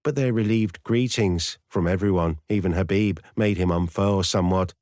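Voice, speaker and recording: A man reading a dark romance audiobook as narrator, with a measured, even storytelling delivery on a close studio mic. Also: sits low, dry recording.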